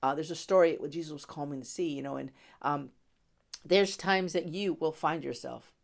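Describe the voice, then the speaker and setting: A woman's voice: low-pitched, moderate pace, gravelly. A woman hosting a devotional podcast, speaking in a conversational way, with many fillers and frequent laughter. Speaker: podcast host and Bible teacher.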